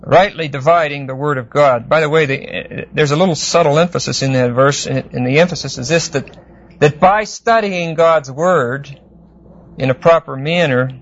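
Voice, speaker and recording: Man, Bible teacher, slightly high voice, patient explanatory lecture, muffled lo-fi recording. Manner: unhurried, explanatory, with frequent fillers and check-ins. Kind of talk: classroom Bible exegesis lecture.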